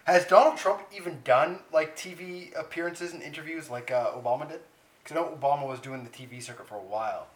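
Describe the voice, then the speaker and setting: A man's voice: on the high side, quick pace. A man from Canada co-hosting a casual comedy chat, rambling and laughing easily. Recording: echoey room.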